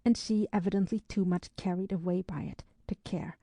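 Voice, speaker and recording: Woman audiobook narrator, measured and even; gravelly, warm tone, dry close studio sound. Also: on the low side, no room sound.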